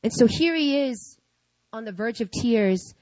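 A woman's voice: fairly high pitch, expressive, measured pace, darkish tone, no echo. A woman giving an earnest, confessional faith testimony, often adding "you know what I mean.". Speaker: speaker sharing a personal testimony. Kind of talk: emotional faith testimony to an audience. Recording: dull lo-fi sound.

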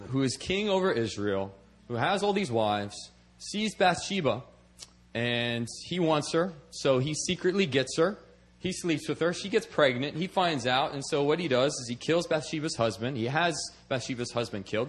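A man preaching a sermon in a conversational way, often checking in with "okay?" and repeating words as he restarts. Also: mid-range voice. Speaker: preacher and missionary.

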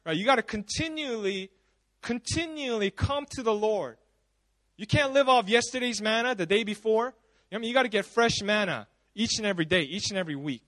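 A pastor delivers a sermon at a church service, retelling stories in a relaxed, animated style with plenty of conversational asides. His voice sits high, his pace is a little quick, and there's no echo.

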